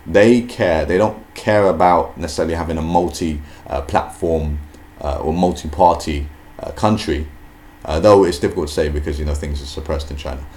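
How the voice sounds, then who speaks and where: Very deep-voiced man, hesitant commentary. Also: normal speed, darkish tone. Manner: hesitant, many fillers and restarts. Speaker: video host. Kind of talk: casual spoken commentary.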